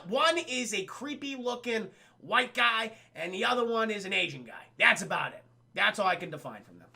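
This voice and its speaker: A young man rambles through a film recap for his live chat, swearing freely and stopping to address chat. His voice is high and bright, with a gravelly edge. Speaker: film reviewer streaming to chat. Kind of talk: casual spoken film review.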